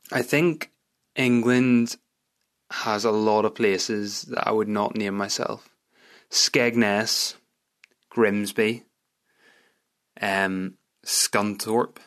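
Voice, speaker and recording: A young Northern Irish man hosts his podcast, talking on in a rambling, self-mocking way. His voice sits low and sounds smooth and clear. He chats casually to his listeners. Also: a bit bright. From Northern Ireland. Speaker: podcast host. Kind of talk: casual solo podcast chat.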